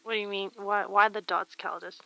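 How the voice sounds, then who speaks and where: A woman streamer chatting casually while she sews, reading chat aloud and muttering soft whispers to herself. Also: mid-range voice, steady tone, fairly quick, vocal fry, dry recording, poor audio. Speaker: live streamer.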